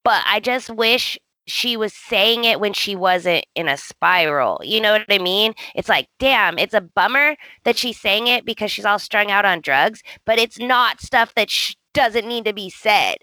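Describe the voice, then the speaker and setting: A woman co-hosting a podcast in casual chat, talking in an animated way, exclaiming and laughing often. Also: mid-range voice, measured pace, hardly any pauses, no echo. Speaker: podcast co-host.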